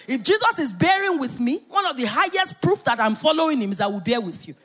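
Middle-aged woman pastor, lively swooping pitch, emphatic sermon delivery. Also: fast, hardly any pauses. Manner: animated, emphatic preaching with playful asides.

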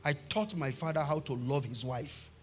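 Nigerian pastor preaching, soft to shouting. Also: male voice, a little high, moderate pace, soft background music. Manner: storytelling preacher, swings from hushed to shouting. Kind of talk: sermon.

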